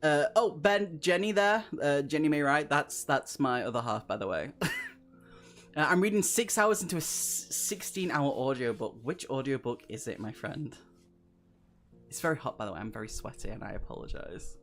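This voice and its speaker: A man's voice: a little high, lively intonation, normal speed, fairly bright tone, faint music behind. A man streaming a gamebook playthrough, reading aloud and chatting with viewers, laughing often. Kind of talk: live-stream reading and chat.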